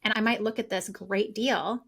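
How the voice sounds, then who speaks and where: A woman business coach talking excitedly and at length in a casual podcast conversation. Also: mid-range voice, normal speed, breathy edge.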